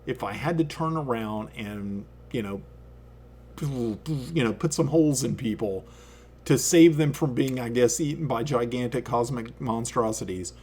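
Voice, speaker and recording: A man telling a story casually to friends on a stream. His voice sits at a medium pitch, and he tells it in an animated, emphatic way. He swears freely as he talks. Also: a little slow, breathy edge. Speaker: stream host. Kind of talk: casual chat.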